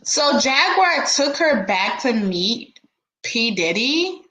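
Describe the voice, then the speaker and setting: A woman doing a casual live-stream commentary, reading out court papers and reacting with loud exclamations and laughs. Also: on the high side, slow, roomy sound, a little hiss or hum, poor audio. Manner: animated, exclaims 'girl' often, laughs.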